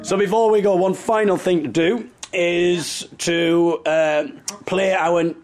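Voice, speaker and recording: A man with a Teesside accent hosting a casual podcast chat from a hotel bedroom, teasing his guests with quick jokes. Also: high voice, fairly even intonation, soft background music. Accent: Teesside English. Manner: jokey, teasing, quick asides. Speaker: podcast host.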